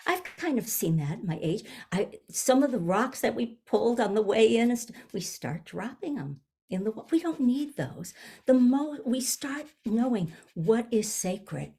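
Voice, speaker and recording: Husky woman in her seventies preaching. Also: fairly high pitch. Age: 70s. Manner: gentle, searching, with frequent restarts. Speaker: minister. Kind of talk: reflective sermon. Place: online service.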